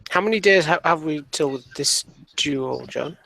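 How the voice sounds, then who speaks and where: A man playing a tabletop game, speaking briskly and decisively. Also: fairly high pitch, gravelly, noisy background. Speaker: player.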